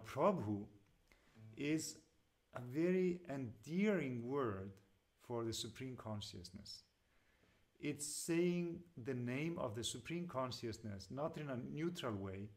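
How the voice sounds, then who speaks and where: A man teaching devotional singing, explaining slowly and gently with many pauses and fillers, and stopping now and then to sing a line. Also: medium pitch. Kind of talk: lecture with sung examples.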